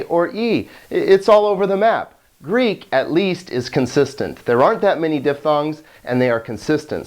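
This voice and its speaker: Man, teacher, lively and playful pitch, jokes between carefully spelled-out words. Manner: chatty, joking, laughs at own puns; slow, careful pronunciation of example words. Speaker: Greek teacher. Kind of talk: recorded video lesson.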